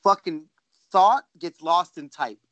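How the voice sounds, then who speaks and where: A man on a podcast making an earnest point, halting with many restarts. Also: fairly high pitch, fairly bright tone, no echo, highs cut off. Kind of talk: casual podcast conversation.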